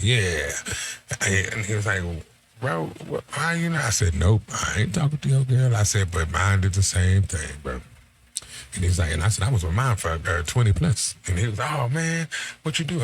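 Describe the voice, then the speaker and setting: A man's voice: deep voice, slight background noise. A middle-aged man telling a story in a casual, slangy way, quoting himself and his friend as he goes. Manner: laid-back, slangy, quotes himself and his friend in conversation.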